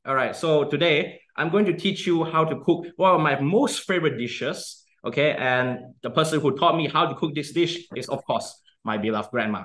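A man's voice: a little high, a bit bright. A young man giving a casual cooking demonstration, chatty and often checking in with "okay?". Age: young adult.

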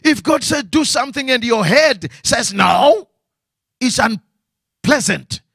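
A man's voice: very high voice, expressive, unhurried, bright, forceful tone, slightly rough, no room sound, clean studio sound. A man preaching a sermon as pastor, asking rhetorical questions and repeating phrases.

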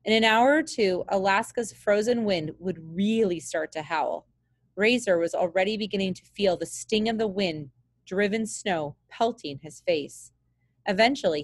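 Brief: woman teacher reading aloud, mid pitch, dry close sound, steady and plain. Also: no echo. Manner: steady, plain read with small slips. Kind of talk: reading a children's book aloud.

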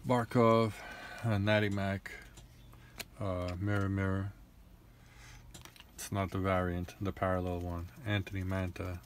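Opening card packs, a young man reels off names in a fairly low voice and grumbles with frustration in between. His casual commentary sounds exasperated, with a faint room-noise hiss in the background.

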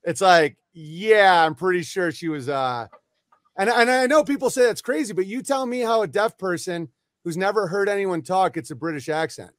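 A man's voice: high voice, normal speed, no room sound, studio quality. A man hosting a comedy podcast, ranting in a sarcastic, incredulous way. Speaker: podcast host. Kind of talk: casual comedic rant.

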